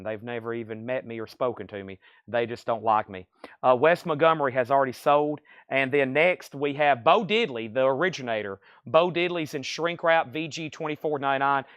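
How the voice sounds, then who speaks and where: A man's voice: mid-range voice, fairly bright tone, smooth, dry recording. A man selling records on a live stream, running through prices, conditions and thanks to buyers in an easy chatty way. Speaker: record shop livestream seller. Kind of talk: live sales stream patter.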